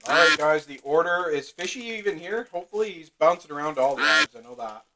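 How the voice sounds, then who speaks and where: A man's voice: a little high, animated, brisk, bright, forceful tone. A man hosting a live trading card break, chatting casually with viewers by name and talking while eating. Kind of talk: casual livestream chat.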